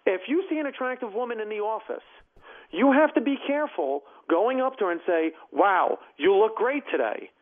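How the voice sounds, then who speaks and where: A man who is a comedian and former judge, talking as an interview guest in an emphatic, animated way. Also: very high voice, a little fast. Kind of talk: casual interview chat. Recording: tinny phone line.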